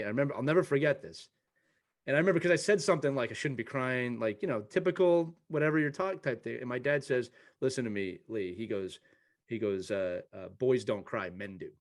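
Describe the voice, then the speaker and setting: A man hosting an interview podcast, telling personal stories earnestly with many restarts. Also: medium pitch. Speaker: podcast host. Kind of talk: conversational interview.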